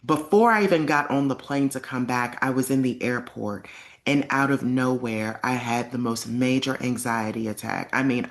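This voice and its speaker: A young adult woman vlogging to camera tells a personal story in a casual, emphatic way, acting out the lines she quotes. Her voice is very deep.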